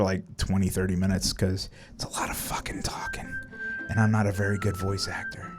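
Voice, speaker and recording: A young man casually commenting on his live game stream, swearing freely and reacting loudly. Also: on the low side. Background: game music.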